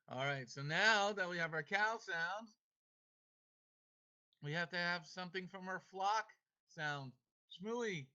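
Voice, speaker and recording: An emphatic man teaches a devotional class over a video call, his voice bright and edgy and a touch higher than most men's. He talks in a playful, coaxing way, urging his students to join in. The audio is muffled and dull. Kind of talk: online class devotional and Torah reading.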